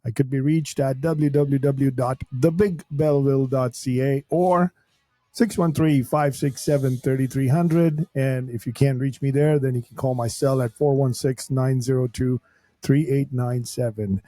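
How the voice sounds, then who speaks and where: Frank, joking man with a mellow voice. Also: medium pitch, steady tone, moderate pace, no echo. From Canada. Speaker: insurance broker guest. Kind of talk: casual podcast chat.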